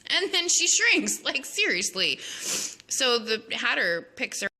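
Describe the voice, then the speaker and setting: A woman's voice: a little high, sing-song, measured pace, sharp tone. A woman narrating a silly story over her drawings in an offhand, goofy, chatty way.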